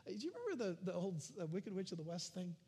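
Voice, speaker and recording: A man preaching a sermon, animated, swinging from loud calls to hushed near-whispers. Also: sits high, fast, husky. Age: adult. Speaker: pastor.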